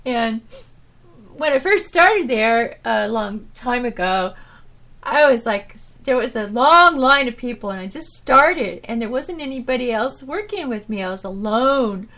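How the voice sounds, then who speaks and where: A woman hosting her own podcast, telling stories from her old job in a rambling, animated way, full of restarts and "you know"s. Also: a little high, unhurried. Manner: animated, swinging from loud to soft. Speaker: podcast host. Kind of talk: casual storytelling monologue.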